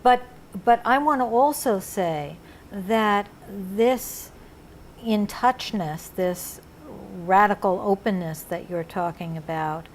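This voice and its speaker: A woman's voice: medium pitch, slow pace, slight background noise. Earnest woman interviewer searching for words. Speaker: interviewer, therapist. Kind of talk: reflective interview conversation.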